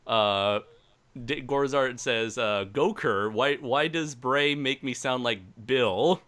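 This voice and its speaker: A man's voice: medium pitch, slow pace, fairly bright tone, smooth. A man co-hosting a casual podcast, reading out chat comments and laughing often.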